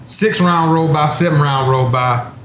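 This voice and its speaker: A man's voice: a little high, measured pace, fairly bright tone, slight background noise. A former pro running back in his thirties from Texas, telling a casual story at a wine bar and laughing often. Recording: roomy with faint ambience.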